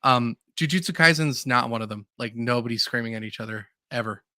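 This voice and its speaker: A man's voice: mid-range voice, a little fast, sharp tone, no room sound, studio quality. A man co-hosting a podcast, chatting casually in an earnest, openly emotional way with hesitant "um"s. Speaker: podcast co-host. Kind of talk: casual chat.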